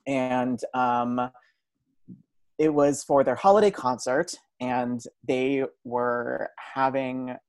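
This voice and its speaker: A man's voice: mid-range voice, fairly even intonation, slow, no room sound. Chatty young man guest, self-amused. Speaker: podcast guest. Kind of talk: casual podcast chat.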